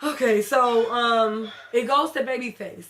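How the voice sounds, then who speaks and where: A woman's voice: fairly high pitch, a little slow, a bit bright, a little hiss or hum. Blunt, profane woman recapping a show. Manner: blunt, profane, talks back to the characters. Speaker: TV show reviewer. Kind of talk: casual episode recap.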